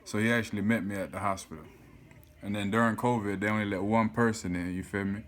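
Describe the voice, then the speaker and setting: Animated man telling a story. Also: fairly low pitch, fast talker, slight background noise. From South Florida. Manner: animated, swears often, keeps saying "you feel me". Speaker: vlogger. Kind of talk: casual storytelling to camera.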